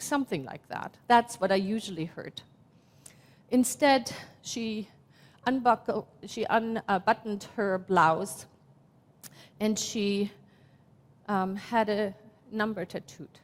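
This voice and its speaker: A woman in her fifties from Germany, speaking with a German accent as she gives a slow, reflective, heartfelt sermon as minister. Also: mid-range voice. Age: 50s. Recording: long hall reverb.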